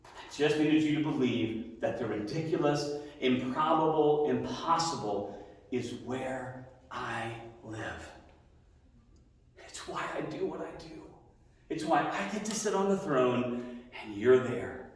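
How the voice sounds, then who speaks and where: A man preaching a sermon, earnest and building to prayer with dramatic pauses, with playful asides. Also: medium pitch. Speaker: pastor. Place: church sanctuary. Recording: echoey hall, mic at a distance.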